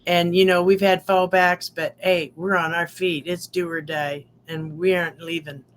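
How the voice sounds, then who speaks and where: A woman's voice: fairly low pitch, level tone, moderate pace, slight background noise. An older woman with grandchildren giving a rambling, heartfelt testimonial to her online community. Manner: heartfelt, rambling, trailing restarts.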